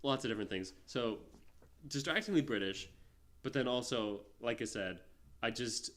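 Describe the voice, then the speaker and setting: A man's voice: medium pitch, expressive, moderate pace, fairly bright tone. A man co-hosting a film podcast in casual chat, rambling with lots of fillers and restarts. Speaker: podcast co-host.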